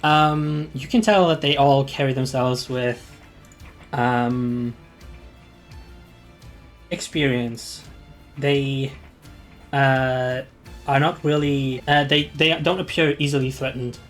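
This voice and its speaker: A man's voice: medium pitch, steady tone, slow pace, pauses often, fairly bright tone, faint music behind. A man narrating as game master of a tabletop game, hesitant and full of fillers.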